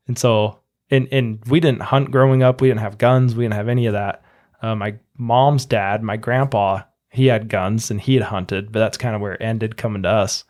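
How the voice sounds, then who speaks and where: A man's voice: on the low side, fairly even intonation, normal speed, a little mellow. Chatty male podcast host. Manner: chatty, acts out quotes in a raised voice. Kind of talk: casual storytelling chat.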